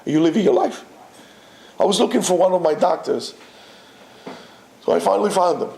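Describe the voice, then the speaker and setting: A man teaching a Torah class to students, animated and full of rhetorical questions and restarts. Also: sits high, a little fast, gravelly, echoey room, slight background noise. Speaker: yeshiva teacher.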